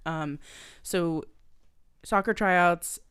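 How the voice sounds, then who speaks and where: A woman's voice: fairly low pitch, drawn-out words, clean tone. A young woman co-hosting a podcast, recapping a movie in casual chat, swearing often and acting out the characters' lines. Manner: swearing, animated, acts out quotes. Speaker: podcast co-host.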